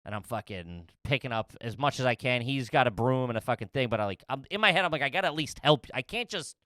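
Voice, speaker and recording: A man tells a story in a casual, profane ramble, laughing at his own mistakes. His voice sits at a middle pitch. The mic is close and the sound is dry. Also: expressive, fast, fairly bright tone, no echo. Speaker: podcast co-host.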